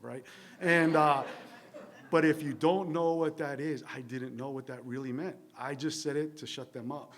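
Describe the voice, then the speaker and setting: A man's voice: on the high side, steady tone, normal speed. A man from New Jersey candidly sharing his recovery story at a meeting, rambling with wry, self-deprecating humor. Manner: rambling with fillers and tag questions. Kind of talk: recovery meeting share, conversational monologue. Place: church meeting room.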